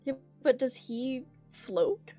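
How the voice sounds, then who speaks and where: A woman's voice: sits high, expressive, slow, dark tone, soft background music. A woman playing a tabletop game, joking playfully, on a slightly muffled microphone. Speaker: player. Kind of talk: casual tabletop play.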